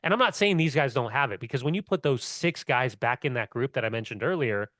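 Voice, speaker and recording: A man's voice: mid-range voice, animated, a little fast, a bit bright, no room sound. Middle-aged guy rambling about soccer, lots of likes and cussing, dry close sound. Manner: rambling, storytelling, heavy on "like" and swearing. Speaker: soccer podcast co-host and former player. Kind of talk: casual sports chat.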